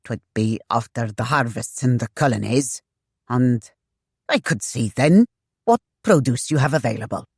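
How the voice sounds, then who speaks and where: A narrator voicing an older father who mulls over plans slowly and deliberately. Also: medium pitch, lively intonation, slightly rough, dry recording, studio quality. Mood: musing. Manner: slow, deliberating. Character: older father, measured and musing.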